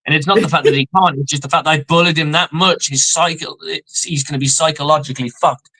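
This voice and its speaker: A man's voice: on the high side, steady tone, quick pace, bright, forceful tone, poor audio. A man co-hosting a live sports fan stream, giving profane, fired-up football analysis. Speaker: co-host of a sports fan show.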